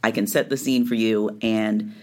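A middle-aged woman speaks as a guest in a relaxed interview. She tells a personal story with feeling, her voice rising and falling as she acts out what others said. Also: rumbling low, normal speed. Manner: animated storytelling, acting out quoted lines.

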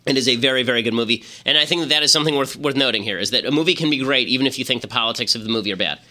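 A man hosting a political podcast, talking fast and opinionated with frequent restarts. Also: mid-range voice, bright, forceful tone. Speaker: podcast host. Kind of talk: political commentary.

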